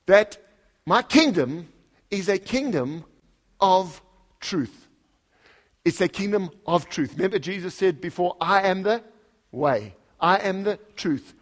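A pastor with a high voice preaches conversationally, putting questions to the congregation. He reads scripture aloud with lively emphasis.

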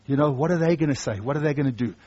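Husky high-voiced male preacher. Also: rapid-fire, dark tone, muffled recording. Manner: emphatic, repeats key phrases. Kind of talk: sermon.

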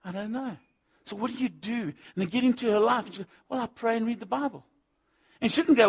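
A man preaching a sermon, swinging between loud punchy lines and low asides, acting out the voices he quotes. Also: quick pace, vocal fry, husky. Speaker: pastor.

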